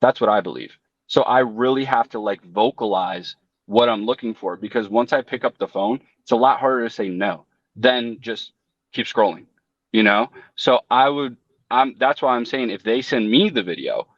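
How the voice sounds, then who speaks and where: A man's voice: medium pitch, moderate pace, dry recording, muffled recording. A man who runs a lawn care business, talking casually and thinking aloud while he acts out customers. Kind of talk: casual chat.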